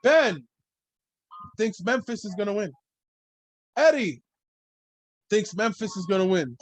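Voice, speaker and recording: A man's voice: sits high, lively intonation, takes it slowly, soft background music, poor audio. A man hosting a solo sports podcast, talking in a loose, rambling way and swearing freely. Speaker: podcast host.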